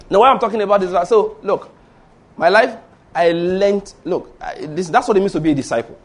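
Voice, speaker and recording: Nigerian Yoruba-accented pastor, slightly high voice. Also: male voice, lively intonation, a little slow, long pauses, a faint crowd, slight background noise. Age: middle-aged. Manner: storytelling, emphatic, repeats points. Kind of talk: sermon.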